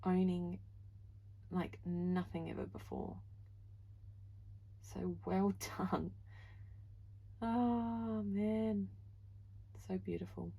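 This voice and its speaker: A woman's voice: fairly low pitch, steady tone, slow, creaky, long pauses, dark tone, husky, poor audio. A woman giving a pick-a-card tarot reading, gushing and heartfelt, full of "like" and "you know", moved close to tears. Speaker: tarot reader.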